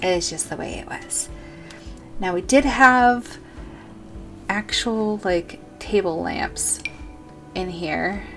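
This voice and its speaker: A woman's voice: mid-range voice, slow, long pauses, a bit bright, soft background music. A woman giving casual commentary while building in a life-sim game, rambling and correcting herself as she thinks aloud. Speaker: gaming video creator.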